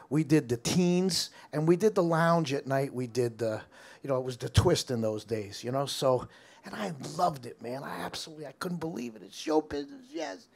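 An older American man with a mid-range voice recounts stories from his music career in a casual interview. He's animated and laughs a lot, often restarting what he's saying.

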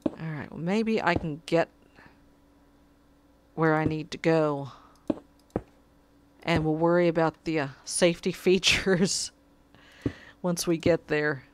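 A woman's voice: deep voice, fairly even intonation, takes it slowly, pauses often, slight background noise. A woman giving casual gameplay commentary, muttering to herself and pleading with her cat at her desk. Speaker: gamer.

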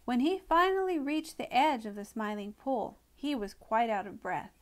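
A woman gently reading a children's storybook aloud in an expressive, unhurried way. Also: a little high. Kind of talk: storybook read-aloud narration.

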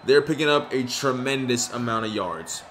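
A young man talks through his own video game in loose, slangy commentary. He gets excited over big plays and frustrated when things go badly. Faint background noise sits under his mid-pitched voice. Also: normal speed. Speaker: gaming YouTuber. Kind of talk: casual gameplay commentary.

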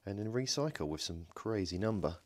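Guy with a low voice rambling thru a battery teardown in his workshop, jokey, lots of ums. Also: lively intonation, fairly quick. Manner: joking, thinks aloud while working, frequent ums and self-corrections. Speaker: DIY electronics video host. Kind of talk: casual hands-on teardown narration. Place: home workshop.

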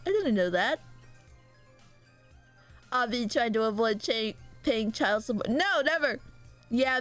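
A young woman streamer chatting casually and giggling with her viewers. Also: on the high side. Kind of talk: casual livestream chat.

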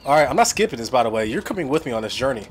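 A man's voice: mid-range voice, big pitch swings, racing, a little hiss or hum. A young man hosting a horror game playthrough, chatting casually and exclaiming often. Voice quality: jumpy, exclaiming and talkative. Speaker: gaming video host. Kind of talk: casual let's-play commentary.

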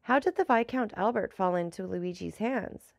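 Storybook count, cool and commanding, gravelly edge, dry close sound, read by a woman. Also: medium pitch, normal speed, dry recording, natural voice. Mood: measured, commanding. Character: commanding, enigmatic nobleman, the Count.

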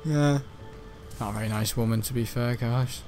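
A man's voice: medium pitch, flat delivery, fast talker, a little mellow, soft background music. A man giving casual, rambling gameplay commentary, joking and laughing often. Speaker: gaming channel host.

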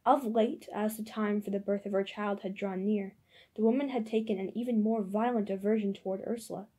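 Woman audiobook narrator, measured delivery, mellow dark tone. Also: medium pitch, steady tone. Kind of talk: audiobook reading.

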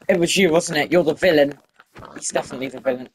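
A woman giving casual, excitable commentary while playing a game and talking to the animals in it. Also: deep voice, fast, a little hiss or hum. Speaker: gaming video creator.

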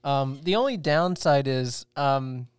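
Young male co-host, smooth dry sound, rambling jokey delivery. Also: medium pitch, animated, slow pace, no room sound. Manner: rambling, joking, many restarts. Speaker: podcast co-host. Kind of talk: casual chat.

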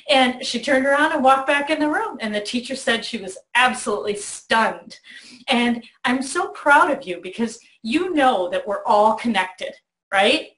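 A middle-aged woman hosting a talk, telling a lively story to a child in a bedroom. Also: fairly high pitch, moderate pace, echoey room. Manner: animated storyteller, acts out voices in quotes. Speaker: host. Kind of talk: warm storytelling to a child on video.

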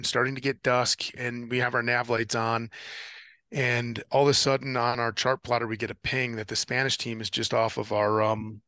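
Guesting in a casual interview, an ocean rower and former Marine officer with a mid-range voice tells stories from an ocean rowing race. He's an animated storyteller who acts out voices and radio calls, recorded at studio quality with no room sound.

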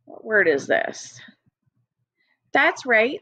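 Slow, patient woman teaching young children. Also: mid-range voice, lively intonation, a bit bright, no echo. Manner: slow, patient, encouraging, sounding out letters one by one. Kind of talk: recorded early-grade phonics lesson. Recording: dry, dull lo-fi home recording.

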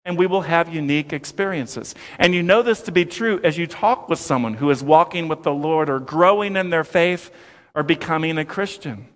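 A man in his forties preaching a sermon as pastor, with playful asides and animated storytelling. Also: sits high. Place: church sanctuary. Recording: long church reverb.

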